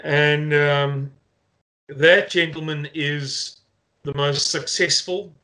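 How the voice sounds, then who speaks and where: A South African man records an earnest update for his followers. His voice sits a little high and rings bright and forceful, and he takes his time over every phrase with a rallying, deliberate weight. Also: steady tone. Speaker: movement spokesman. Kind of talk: video update to supporters.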